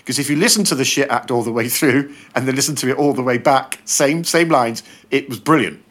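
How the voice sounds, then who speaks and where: Animated man telling a story. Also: a little fast. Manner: animated, acts out quotes with shifting pitch. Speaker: guest comedian and actor. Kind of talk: casual podcast chat, storytelling.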